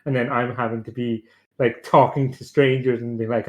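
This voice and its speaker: A man's voice: medium pitch, moderate pace. A young man chatting casually on a podcast panel, rambling and swearing as he tells stories about parenting. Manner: rambling, sweary, animated storytelling. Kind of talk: casual chat.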